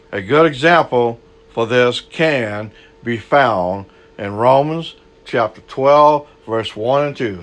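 Slow, dramatic male preacher. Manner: dramatic swings between loud high bursts and low quiet asides. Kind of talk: sermon.

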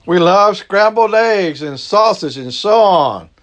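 A middle-aged man with a Southern Cajun accent, preaching a sermon in a slow, folksy way and stretching out his key words. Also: high voice, expressive, fairly bright tone. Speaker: pastor.

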